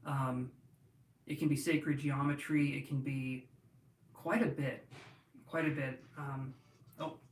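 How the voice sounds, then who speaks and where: A man's voice: mid-range voice, level tone, takes it slowly, pauses often, a little hiss or hum. A man hosting a tarot live stream, chatting casually and rambling to his viewers with many restarts. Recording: echoey room, mic at a distance.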